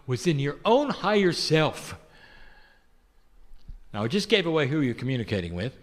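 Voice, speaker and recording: A man giving a channeled spiritual talk, posing gentle rhetorical questions and calling the listener "dear one". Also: on the high side, big-room sound.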